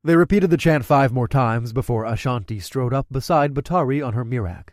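A man narrating a first-person audiobook in a steady, wry way. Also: medium pitch, fairly quick, no room sound, studio quality.

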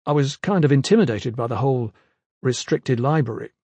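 A man's voice: mid-range voice, lively intonation, a little fast, darkish tone, husky, dry recording. A man voicing an eager, apologetic young recruit in an audiobook, close to his own voice. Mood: earnest. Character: young man, earnest, awkward student soldier.

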